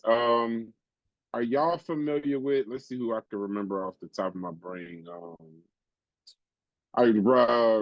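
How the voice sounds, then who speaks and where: A man's voice: on the low side, a little mellow, no echo, lo-fi sound. Laughing slangy man hosting a podcast. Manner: laughs often, loose slangy talk. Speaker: podcast host. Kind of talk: casual podcast chat.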